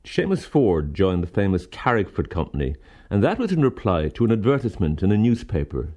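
Male radio documentary narrator, deep, animated intonation, measured scripted links.

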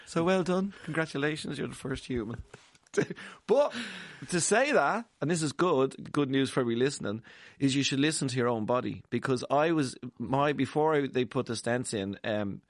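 An Irish man chatting as a guest, telling an animated story and jumping into other people's voices as he goes. His voice sits in an everyday middle pitch. The recording is close and dry, with no room sound. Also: moderate pace, dry recording. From Ireland. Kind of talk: casual chat.

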